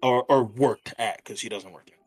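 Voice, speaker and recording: A man's voice: mid-range voice, moderate pace. A man co-hosting a casual sports podcast, talking loosely and peppering his lines with "bro" and "man". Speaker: podcast co-host.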